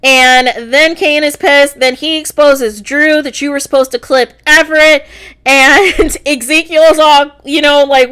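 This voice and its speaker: High-voiced woman recapping chattily. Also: steady tone, slow pace, sharp tone. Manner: chatty, exasperated storyteller. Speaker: TV reaction vlogger. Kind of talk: casual episode recap.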